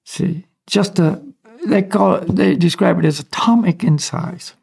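With an unhurried, fairly high voice that carries vocal fry and a breathy edge, a US man who teaches spirituality talks through ideas casually. He lets out small chuckles along the way.

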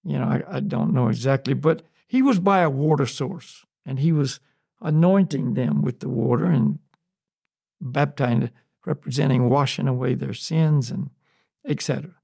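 A man in an unscripted spiritual discussion, talking slowly and searchingly with many restarts and "you know"s. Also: mid-range voice, creaky, a little mellow, husky, no echo, clean studio sound. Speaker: podcast co-host on spiritual topics.

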